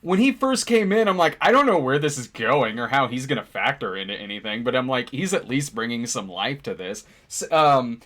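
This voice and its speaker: A man's voice: mid-range voice, animated, fairly quick, few pauses, fairly bright tone. A man co-hosting a casual movie review, rambling with fillers and restarts and laughing often. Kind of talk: casual conversational film review.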